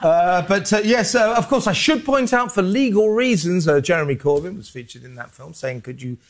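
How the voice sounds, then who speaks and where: A British man with a fairly high voice hosts a political chat show. He talks in a mocking, sarcastic way. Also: lively intonation, moderate pace. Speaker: host.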